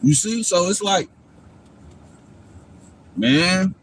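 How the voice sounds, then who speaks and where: A man with a notably high-pitched voice holds forth on a livestream in a loose, rambling monologue. He swears freely, preaches his points, and keeps checking that the listener is following along. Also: animated, drawn-out words, noisy background. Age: adult father. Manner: profane, preachy, keeps asking "you know what I'm saying". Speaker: livestream host.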